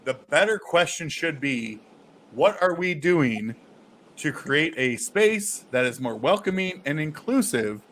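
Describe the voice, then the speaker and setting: A man's voice: fairly high pitch, animated, a little slow, fairly bright tone, slight background noise. A man hosting a casual podcast chat, rambling and restarting his sentences often. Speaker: host.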